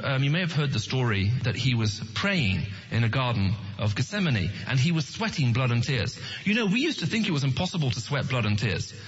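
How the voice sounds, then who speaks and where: Man, husky voice, earnest evangelistic speaker, asks audience questions, muffled lo-fi sound. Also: medium pitch. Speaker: Christian apologetics speaker.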